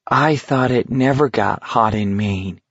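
A man's voice: medium pitch, expressive, moderate pace, a little mellow, no echo, lo-fi sound, pitched above the performer's own voice, close to an everyday voice. A male narrator voicing an exhausted young man who speaks with weary sarcasm. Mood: sarcastic.

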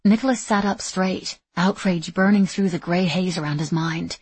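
A woman reads a novel aloud at a steady, even pace. Her voice sits low and has a husky edge. The recording is dry and close, with no room sound. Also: moderate pace, no echo. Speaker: audiobook narrator. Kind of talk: scripted narration.

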